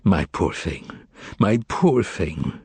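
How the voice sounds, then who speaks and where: Man voicing a weary timid male writer, hesitant, tender, lively pitch. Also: moderate pace, dry recording.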